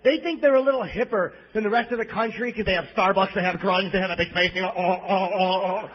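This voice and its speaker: High-voiced crude stand-up comic, lo-fi bootleg. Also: male voice, fast, breathy edge. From East Coast of the US, New Jersey. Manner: crude, abrasive, profane ranting. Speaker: stand-up comedian. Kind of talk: stand-up comedy set. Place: comedy club stage. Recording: lo-fi live bootleg audio with faint crowd ambience.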